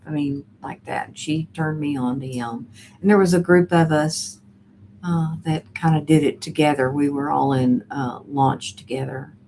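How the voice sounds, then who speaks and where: A middle-aged woman hosts a casual live stream in a low, unhurried voice. She rambles from one thought to the next, full of "um" and "uh" and restarts, and chats back to her viewers' comments. A faint noise sits under her voice. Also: fairly even intonation, a little mellow. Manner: rambling and chatty, with many fillers and restarts. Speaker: host of a live chat stream.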